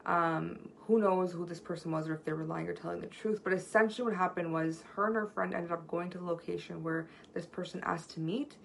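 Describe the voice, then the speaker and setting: Earnest woman with a gravelly low voice. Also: steady tone, brisk, hardly any pauses, slight background noise, poor audio. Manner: earnest, storytelling, frequent "right?" tag questions. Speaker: workshop presenter on communication. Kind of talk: conversational seminar talk. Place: at home near a street.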